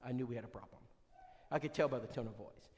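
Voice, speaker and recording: A male preacher leading an evangelism seminar, folksy and animated, quizzing his listeners. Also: mid-range voice, quick pace. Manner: animated, folksy, quizzes the audience, many restarts. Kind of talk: conversational seminar talk with storytelling. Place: church hall. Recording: reverberant church hall.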